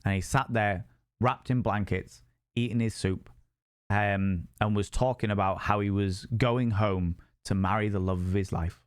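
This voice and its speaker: A man's voice: lowish voice, steady tone, measured pace, smooth, dry recording, clean studio sound. A man telling a ghost story on a live stream, sweary and rambling.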